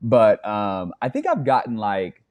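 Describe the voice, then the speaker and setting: A man from West Texas talking as a podcast guest in a relaxed, measured way. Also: lowish voice, no room sound. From Southern US, West Texas. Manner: laid-back, measured. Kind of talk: conversational interview.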